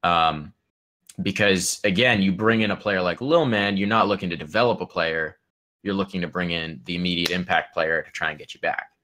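A man's voice: deep voice, fairly quick, sharp tone. A man co-hosting an esports podcast from home, talking casually and thoughtfully, with many fillers and restarts. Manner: rambling, thoughtful, lots of fillers. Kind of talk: casual chat. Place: home room with air conditioner.

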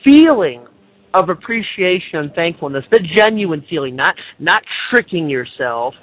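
A man's voice: on the high side, a bit bright, low-quality recording. A man on a talk radio show, earnestly explaining his spiritual views in a lecturing way. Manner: earnest, lecturing, mocks others in exaggerated voices.

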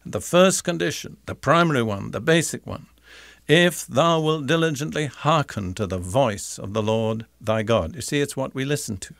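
An older man teaching the Bible in a deliberate, emphatic sermon style, repeating key phrases. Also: mid-range voice, expressive, vocal fry, fairly bright tone, no room sound.

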